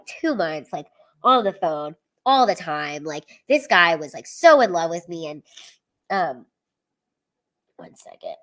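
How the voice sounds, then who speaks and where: A woman's voice: on the low side, a bit bright. A woman stand-up comedian telling personal stories at home in a candid, chatty way, filling her talk with "like" and casual swearing. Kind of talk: candid storytelling livestream.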